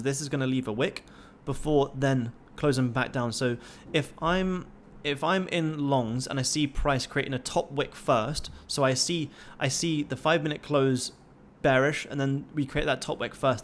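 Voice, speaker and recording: A man's voice: medium pitch, moderate pace, few pauses, slight background noise. A young man hosting a trading livestream, talking casually and swearing constantly in a pumped-up, motivational way.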